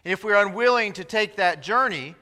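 High, bright-voiced preacher in a reverberant hall. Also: male voice, a little fast. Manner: animated storyteller acting out quoted voices. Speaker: pastor. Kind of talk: sermon storytelling.

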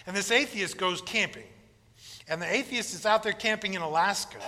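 Pastor, male, sermon delivery with lively storytelling; very bright, high voice, long church reverb. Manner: storytelling, animated joke-telling.

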